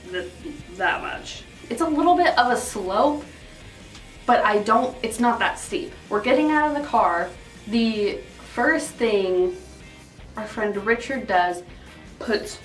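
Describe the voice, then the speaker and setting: A young woman vlogging a casual storytime, animated and full of "like", acting out what people said. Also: fairly high pitch. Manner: animated, quotes people in put-on voices, heavy use of "like". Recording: roomy echo, somewhat far from mic, faint music.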